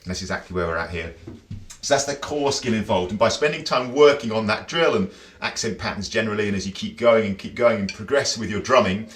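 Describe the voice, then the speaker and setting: A chatty man gives a drum lesson from a room that rings with a roomy echo. His voice sits low, and he counts beats and scats rhythms as he explains. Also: quick pace, a bit bright. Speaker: drum teacher. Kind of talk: casual instructional talk.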